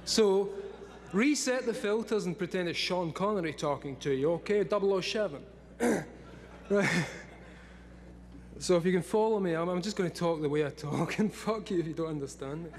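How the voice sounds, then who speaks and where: A man's voice: high voice, moderate pace, a little hiss or hum. A Scottish man in his forties giving a rambling talk to a live audience, swearing freely and laughing often. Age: 40s. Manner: profane, laughing often, excitable. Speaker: speaker at a live event.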